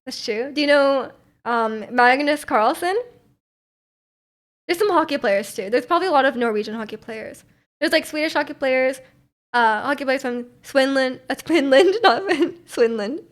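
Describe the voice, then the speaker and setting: A young North American woman hosts a livestream, chatting casually in a high-sitting, animated voice at a moderate pace. She rambles and giggles, using lots of fillers.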